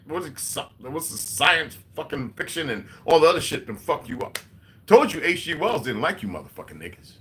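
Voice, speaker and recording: Guy in his 40s ranting on his channel, bright pushy voice, swears a ton, preachy. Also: a little high. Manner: profane, animated and preachy. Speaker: video host. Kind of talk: rambling monologue.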